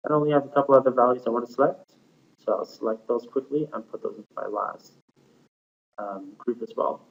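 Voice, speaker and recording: Man talking through software steps, tinny audio. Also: mid-range voice, fairly quick, gravelly. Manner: plain, step-by-step with frequent fillers. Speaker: software tutorial presenter. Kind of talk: screencast software walkthrough.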